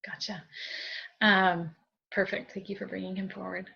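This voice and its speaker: A woman medium giving a group reading in a gentle, chatty way, with many fillers and soft thank-yous. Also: medium pitch, level tone, normal speed, gravelly, husky, dull audio. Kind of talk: spiritual reading, conversational.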